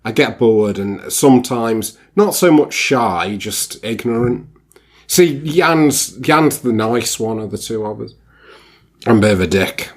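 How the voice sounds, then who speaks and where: A man's voice: mid-range voice, animated, a little slow. Laid-back, dry-humored man. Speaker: podcast co-host. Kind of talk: casual podcast chat.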